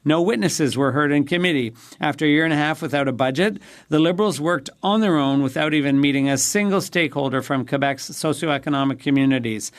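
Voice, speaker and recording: A man's voice sits a little high for a male speaker, smooth and resonant, as he interprets a parliamentary debate. His delivery is measured and formal throughout.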